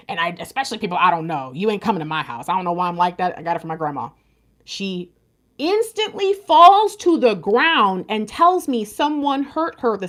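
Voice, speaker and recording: Brief: female tarot reader, higher voice, very expressive pitch, chatty and confiding. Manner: animated, confiding, addresses viewers directly. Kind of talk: casual spiritual reading talk.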